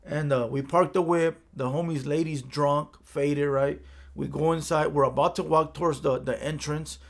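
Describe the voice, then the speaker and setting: A man's voice: fairly high pitch, steady tone, normal speed. A man from Los County, telling a street story in a casual, profane way and often checking in with "right?". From Los Angeles County.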